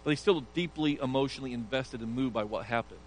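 A man's voice: medium pitch, fast talker, a little hiss or hum, poor audio. A male pastor preaching an earnest sermon, emphatic and sometimes stumbling over restarts.

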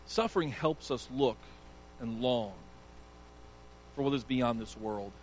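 A man's voice: medium pitch, unhurried, a little hiss or hum, low-quality recording. A male pastor preaching an earnest sermon, emphatic and sometimes stumbling over restarts.

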